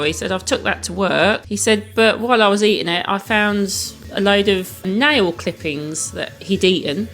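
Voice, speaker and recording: A woman's voice: on the low side, moderate pace, hardly any pauses, fairly bright tone, soft background music, low-quality recording. A woman recording a voice note for a podcast, telling a story in a chatty way and breaking into laughter. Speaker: listener sending a voice note. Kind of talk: recorded anecdote.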